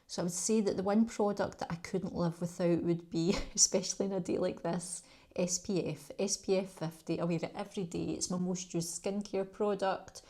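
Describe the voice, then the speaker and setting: A woman's voice: fairly low pitch, steady tone, moderate pace, dark tone. A middle-aged Scottish woman from Glasgow, chatting in a rambling, friendly way and laughing between thoughts as she answers viewer questions in a beauty vlog. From Scotland. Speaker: beauty YouTuber.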